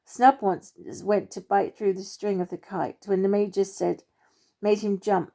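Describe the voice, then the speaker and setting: A woman reading a children's story aloud, gently and with expression. Her voice is mellow and dark in tone, with a medium pitch for a woman. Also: level tone, measured pace, creaky.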